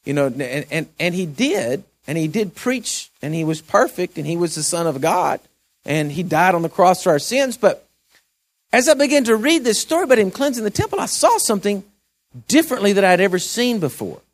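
A pastor preaching a sermon in a high, lively voice. He talks in a folksy way and works himself up until he is shouting. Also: fairly quick.

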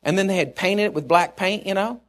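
Chuckling, rambling preacher man with a high voice. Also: fairly quick, fairly bright tone. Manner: storytelling, rambling with restarts, chuckling. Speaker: pastor. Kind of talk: sermon.

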